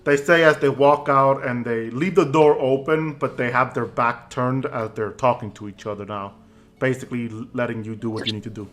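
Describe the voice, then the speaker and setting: A man's voice: medium pitch, moderate pace, fairly bright tone. A man working as dungeon master of a live tabletop game, talking in a hesitant, stop-start way.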